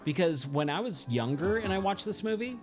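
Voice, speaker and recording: With game music in the background, a man with a high, expressive voice talks briskly while streaming a pinball game. His chat is casual and rambling, and he often repeats himself as he thinks aloud.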